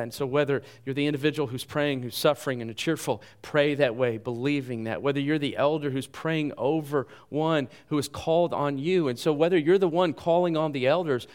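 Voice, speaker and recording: A male pastor preaching a sermon in an earnest way, rising in emphasis and then dropping soft and low in his closing appeal. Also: moderate pace, hardly any pauses.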